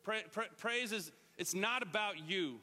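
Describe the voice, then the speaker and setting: Male pastor, high and bright, lively joking sermon, hall reverb. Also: unhurried. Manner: lively, joking, talks straight to the congregation. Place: church sanctuary.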